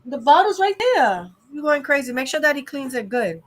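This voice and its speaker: A woman's voice: high-pitched, very animated, normal speed. A young adult woman hosting a casual live-stream chat, giving an opinionated, rambling rant full of fillers. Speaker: vlog host.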